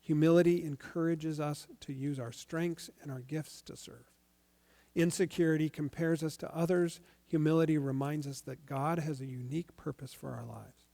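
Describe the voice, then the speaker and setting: A male pastor giving a sermon in a conversational, animated storytelling way. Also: a little high, normal speed, vocal fry.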